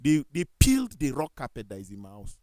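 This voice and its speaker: A man with a Nigerian accent, speaking as a talk show panelist. He tells animated stories, acts out the dialogue, and corrects himself as he goes. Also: mid-range voice, fast, no echo. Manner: animated storytelling with quoted dialogue and self-corrections. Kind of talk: casual studio discussion.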